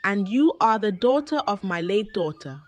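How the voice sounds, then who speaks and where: A woman voicing a gentle, firm grandmother. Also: sing-song, moderate pace, close to an everyday voice. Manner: gentle but firm, slightly higher pitch. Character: elderly wealthy grandmother, gentle but firm.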